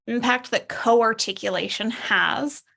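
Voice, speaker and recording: A woman's voice: fairly high pitch, measured pace, vocal fry, pushed and bright. A woman hosting an interview, thinking aloud with restarts as she builds an analogy. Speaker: interview host. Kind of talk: conversational interview.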